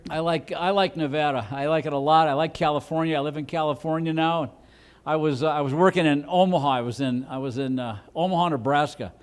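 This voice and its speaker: A man's voice: fairly high pitch, fairly even intonation, a little fast, smooth. A man doing a stand-up comedy set on a club stage, rambling and self-deprecating, with frequent restarts.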